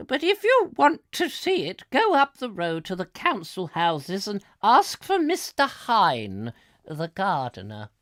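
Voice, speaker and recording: A squeaky, high-pitched old village lady gives directions, voiced by a man reading a storybook aloud. Her voice leaps far above the reader's own and bounces with lively swings. The sound is close and dry. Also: slow, no room sound, heavily acted. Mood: helpful. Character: elderly woman shrilly giving directions.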